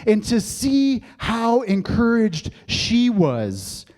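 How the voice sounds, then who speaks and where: A man with a high voice preaches to his congregation as their pastor. He tells stories, cracks jokes and laughs along, and builds up lively excitement as he goes. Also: drawn-out words. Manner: joking, storytelling, laughs often; animated, rising excitement. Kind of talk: sermon.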